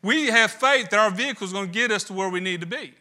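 A man's voice: high voice, quick pace, bright, forceful tone. A man preaching a sermon, building emphasis with rhetorical questions. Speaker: pastor.

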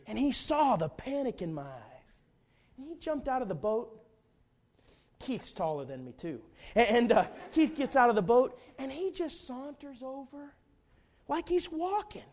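A man preaching a sermon, telling a folksy, humorous personal story in an animated way. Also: extremely high pitch, moderate pace.

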